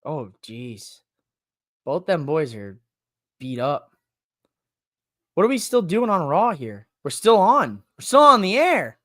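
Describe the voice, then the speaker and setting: A woman hosting a live wrestling watch-along podcast in casual chat, excitable and swearing, breaking into loud high-pitched shouts. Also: takes it slowly, pauses often, dry recording, clean studio sound. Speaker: podcast host.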